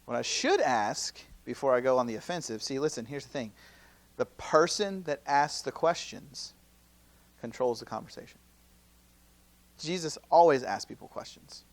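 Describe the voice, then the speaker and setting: A campus minister in his thirties giving a conversational teaching talk at a youth seminar, full of rhetorical questions and quick acted-out quotes. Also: medium pitch. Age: 30s. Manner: acts out quoted speakers in lively asides.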